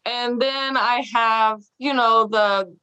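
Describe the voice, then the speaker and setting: A woman's voice: a little high, steady tone, takes it slowly, bright, forceful tone, clear, resonant tone, lo-fi sound. A woman guest on a casual podcast interview, bubbly and laughing often, acting out quoted voices as she tells her story. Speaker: podcast guest, small business owner.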